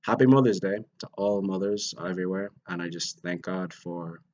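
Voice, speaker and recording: Young male vlogger, very low voice, earnest and rambling, muffled home recording. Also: moderate pace, a little mellow. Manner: earnest, rambling with many restarts. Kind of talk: casual faith talk to camera.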